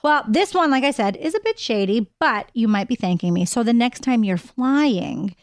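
A pregnant woman co-hosting a radio show, her voice a touch high. She banters in a playful, opinionated way, recorded close and dry in the studio. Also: lively intonation, moderate pace, dry recording. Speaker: radio co-host.

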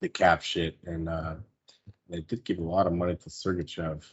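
A man's voice: low-pitched, level tone, normal speed, breathy edge, muffled recording. A man in casual sports betting chat, rambling loosely and swearing now and then. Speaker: sports betting podcast co-host.

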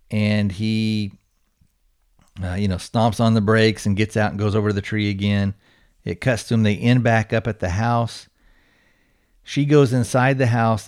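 Male podcast host, low-ish voice, loose and rambling recap full of fillers. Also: a little mellow. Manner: rambling, heavy on fillers and hedging words. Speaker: podcast host reviewing a film. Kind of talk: casual plot recap.

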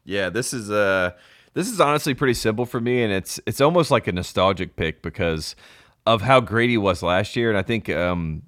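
A man's voice: fairly low pitch, animated, moderate pace, fairly bright tone, dry recording, studio quality. A young man co-hosting a sports podcast, talking casually and enthusiastically, laughing as he goes. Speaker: podcast co-host.

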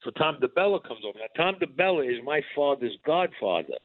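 A man's voice: a little fast, no room sound. A man, a podcast guest, telling a long story from his past and acting out the dialogue in it with sudden jumps in his voice. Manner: animated storyteller who acts out dialogue with rising pitch. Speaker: interview guest. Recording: dry, tinny phone line.

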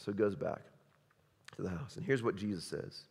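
A man preaching a sermon as pastor, impassioned, swinging between loud urgent passages and hushed quiet ones. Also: on the low side, expressive, brisk, creaky, long pauses, breathy edge, in a large hall.

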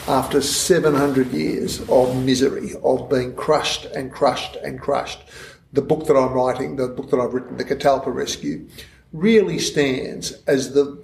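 An Australian man, an author guest in an interview, telling stories in animated, digressive bursts. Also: mid-range voice, vocal fry, a little hiss or hum. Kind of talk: conversational storytelling interview. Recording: roomy echo in a room.

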